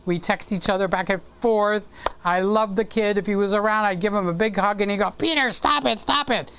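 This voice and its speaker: A man's voice: high-pitched, level tone, brisk, fairly bright tone, a little hiss or hum. A man hosting a casual live stream with a sore throat, chatty and teasing, talking into a desk microphone. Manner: chatty, teasing and affectionate with viewers.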